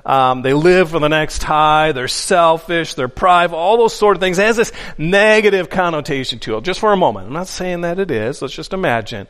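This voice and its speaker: A pastor from the Upper Midwest of the US preaches from the pulpit in a fairly high, fairly bright voice. He talks a little fast with few pauses, earnestly and emphatically repeating key phrases for weight, under long hall reverb.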